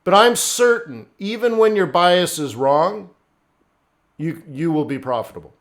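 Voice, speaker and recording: A man's voice: on the high side, lively intonation, unhurried. A middle-aged man hosting a live trading stream, talking bluntly and conversationally as he answers viewers by name. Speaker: forex trading livestream host.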